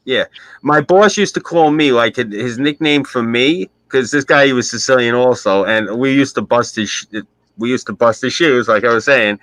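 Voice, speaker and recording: A man's voice: medium pitch, moderate pace, fairly bright tone, no room sound, low-quality recording. A man with a New York accent telling stories in a brash, profane way on a casual stream. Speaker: stream host. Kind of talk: casual chat.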